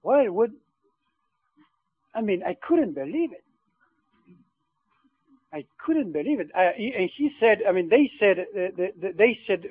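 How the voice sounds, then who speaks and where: High-voiced priest on a tinny line. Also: male voice, animated, breathy edge, dry recording. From Argentina. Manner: halting, repeats words, non-native grammar. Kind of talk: personal storytelling.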